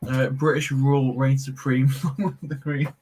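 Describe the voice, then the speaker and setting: A man's voice: medium pitch, flat delivery, a little slow, background noise. A man hosting a casual live stream while building, chatting, reading comments aloud and laughing often. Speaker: Lego streamer.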